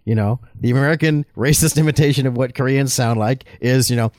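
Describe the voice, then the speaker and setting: A man's voice: medium pitch, a little fast, a little mellow, no echo. Male co-host, casual commentary talk, dry booth sound, meandering storyteller. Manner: rambling anecdotes with many fillers. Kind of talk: casual movie commentary chat.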